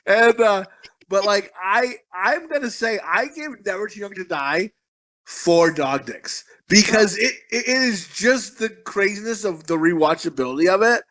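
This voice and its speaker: A man's voice: high voice, expressive, measured pace, fairly bright tone. A man co-hosting a movie podcast, telling long crude rambling stories in casual chat, full of swearing. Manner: profane, rambling storyteller. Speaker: podcast co-host.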